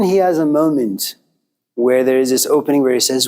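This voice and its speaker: A man's voice: mid-range voice, normal speed, darkish tone. A male lecturer telling a parable in a conversational philosophy lecture, often saying "you know".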